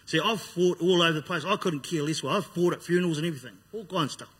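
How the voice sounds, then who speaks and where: Husky New man, blunt testimony. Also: a little high, fast, fairly bright tone. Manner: blunt and raw, acting out his own past words. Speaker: speaker giving a personal testimony. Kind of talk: personal testimony storytelling. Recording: long hall reverb.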